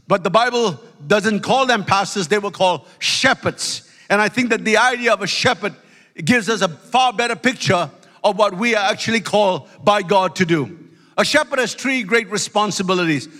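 A man's voice: high-pitched, sharp tone, in a large hall. A middle-aged man preaching a sermon as pastor, emphatic with calls of hallelujah. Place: church sanctuary.

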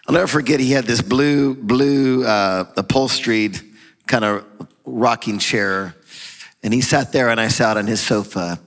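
A middle-aged man preaching a sermon, telling a story and swinging from loud praise to quiet asides. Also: mid-range voice, moderate pace. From half German, half Hispanic. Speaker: pastor. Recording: long hall reverb.

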